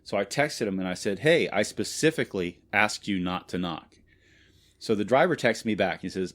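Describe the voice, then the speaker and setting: Guy with a lowish voice rambling thru a cussing story, cracks himself up laughing a lot. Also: lively intonation, moderate pace, a bit bright. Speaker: podcast co-host. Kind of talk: casual chat.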